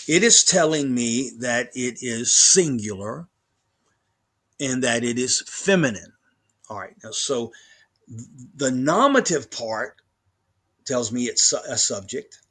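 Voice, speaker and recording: A man's voice: mid-range voice, fairly bright tone. A man lecturing on grammar as a professor, emphatic, often repeating words and restarting his sentences. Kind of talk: recorded lecture.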